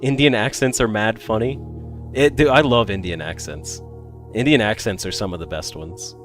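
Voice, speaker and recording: A man's voice: fairly low pitch, normal speed, faint music behind. A young man streamer chatting casually and telling rambling stories, swearing and restarting sentences often. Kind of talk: casual live-stream chat.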